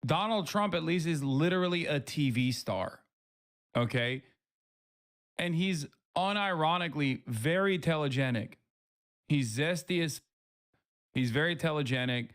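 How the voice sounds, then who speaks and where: A man's voice: a little high, unhurried, long pauses. A man streaming live, reacting to news clips with sarcastic, mocking commentary. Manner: sarcastic, animated, mocking asides.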